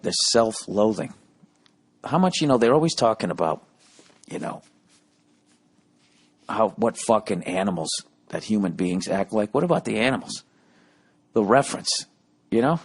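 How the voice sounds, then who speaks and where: Lower-voiced man, rambling profane podcast host, animated delivery. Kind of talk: casual rambling monologue. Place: on the road while touring.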